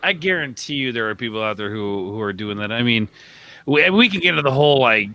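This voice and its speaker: Bright-voiced rambling podcast guy. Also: mid-range voice, animated, fast talker, no room sound, rough recording. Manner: rambling, filler-heavy, calls everyone man and bro. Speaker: podcast co-host. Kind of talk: casual podcast chat.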